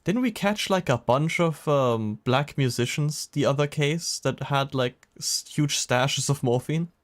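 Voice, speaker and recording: A man's voice: medium pitch, a little slow. A young man casually commenting on a detective game while streaming, chatty and rambling, often laughing, with a slightly sick voice.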